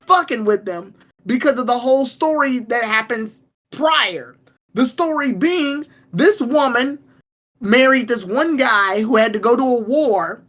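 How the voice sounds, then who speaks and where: A woman co-hosting a casual podcast, telling stories in an animated, profane way. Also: fairly high pitch. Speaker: podcast co-host.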